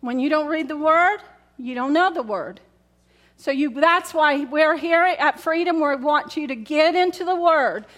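High-voiced woman preaching a conversational sermon. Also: unhurried, fairly bright tone. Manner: conversational, repetitive, asks the congregation questions. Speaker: pastor. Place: church in front of a congregation.

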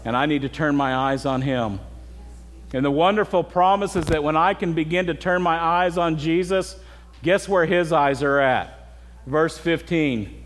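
A man's voice: a little high, unhurried, big-room sound. A middle-aged man preaching a sermon as pastor, earnest and direct, often asking his congregation questions.

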